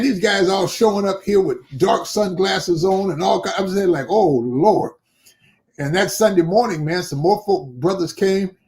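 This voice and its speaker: Older man, animated storyteller, higher voice. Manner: animated storyteller who acts out quoted dialogue. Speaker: guest bishop and pastor. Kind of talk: storytelling in a conversational interview.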